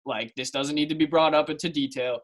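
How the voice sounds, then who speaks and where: A man's voice: a little high, steady tone, a little fast. A young man co-hosting a casual podcast, playful and emphatic, often laughing. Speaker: podcast co-host.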